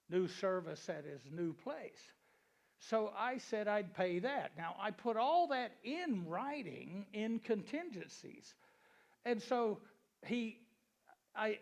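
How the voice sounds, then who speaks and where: A man's voice: high-pitched, creaky. A man telling jokes and stories in a folksy way to a real estate seminar audience, asking them questions as he goes. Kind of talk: joke-telling seminar talk to a live audience.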